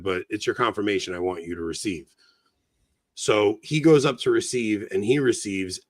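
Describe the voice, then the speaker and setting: A middle-aged man on a casual podcast, telling an animated story that grows heated. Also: fairly low pitch, no room sound. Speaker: podcast co-host.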